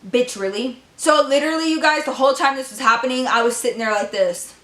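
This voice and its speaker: A woman in her twenties telling a storytime vlog, profane and animated, talking straight to her viewers. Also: sits high, quick pace. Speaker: vlogger. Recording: echoey room.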